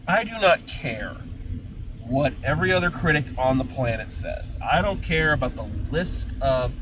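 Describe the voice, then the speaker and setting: A man giving a sarcastic, exasperated film review while driving, swinging from low grumbling to loud ranting. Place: inside a car. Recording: lo-fi, distant, road noise.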